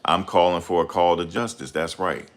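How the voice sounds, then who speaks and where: A man hosting a casual livestream, reading viewer comments and ranting heatedly with loud outbursts and repeated phrases. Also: low-pitched, fairly even intonation, normal speed. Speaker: livestream host.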